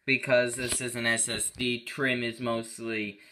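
Bright-voiced man rambling through a tech demo. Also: medium pitch, flat delivery, a little slow, a little hiss or hum. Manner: rambling, self-correcting, offhand. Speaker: tech channel host. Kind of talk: casual screen-recorded tech walkthrough.

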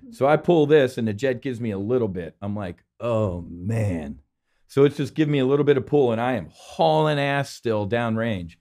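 A man from New Jersey, a former Navy fighter pilot, tells his story with excited, salty energy and frequent laughter. His voice sits at an ordinary middle pitch. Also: normal speed. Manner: excitable, profane, laughs often. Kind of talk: animated storytelling.

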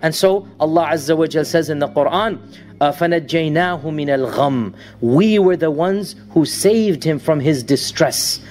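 A man giving a sermon, telling a story dramatically, rising to raised passages and dropping to low solemn ones, and reciting Arabic verses quickly. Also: a little mellow. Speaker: preacher.

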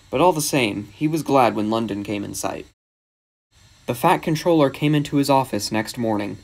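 A man's voice: mid-range voice, normal speed. Man narrating a storybook.

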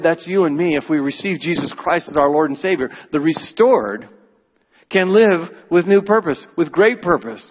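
A male pastor giving an Easter sermon, emphatic, swinging between loud, high rises and quiet, low drops. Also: breathy edge, in a large hall, lo-fi sound. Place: church sanctuary.

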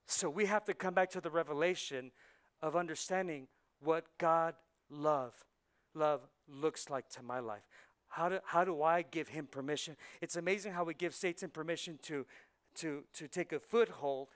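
Animated preaching man, clear voice. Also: fairly high pitch, normal speed. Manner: swings from hushed intensity to loud preaching; drops Spanish words into English. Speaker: pastor. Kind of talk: sermon. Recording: church sermon on a live mic.

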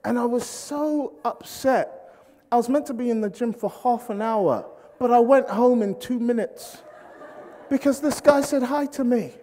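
Lively British preacher in a reverberant hall. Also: male voice, very high voice, measured pace. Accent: British English. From Britain. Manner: animated, acts out quoted voices, jokes with the crowd. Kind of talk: humorous sermon storytelling.

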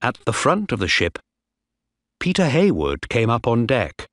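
A man narrating a graded-reader audiobook in a slow, clear storytelling manner. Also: mid-range voice, huge pitch swings, a bit bright, no echo, clean studio sound.

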